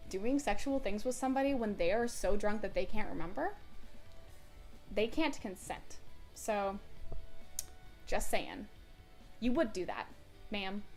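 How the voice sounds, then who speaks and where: A young woman recording a storytime vlog on her phone camera at home, reading messages aloud in a blunt, firm, indignant way. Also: mid-range voice. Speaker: vlogger. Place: indoors at home.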